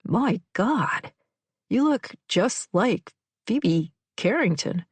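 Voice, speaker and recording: A woman's voice: mid-range voice, expressive, drawn-out words, breathy edge, dry recording, pitched above the performer's own voice, full character voice. A woman doing a smug rich businessman. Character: smug wealthy businessman, condescending.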